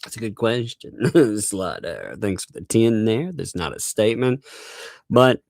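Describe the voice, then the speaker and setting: A man's voice: fairly low pitch, sing-song, measured pace, creaky, a little mellow, no echo, studio quality. A male livestream host in casual chat, reading out viewer donations and laughing constantly between remarks.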